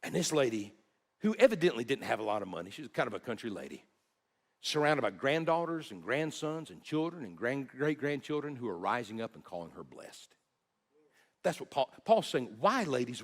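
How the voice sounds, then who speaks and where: Male pastor, sermon storytelling, lively rising and falling pitch, earnest, halting repeats. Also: long reverb tail.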